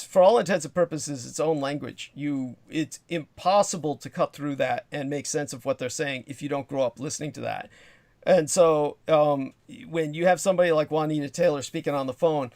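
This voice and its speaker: A man hosting a livestream, talking in a slightly high voice that sits dry and close to the mic. He rambles from one memory to the next, swears freely and stops to answer the chat. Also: no room sound. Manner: digressive, profane, reads chat comments aloud. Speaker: livestream host. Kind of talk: rambling monologue storytelling.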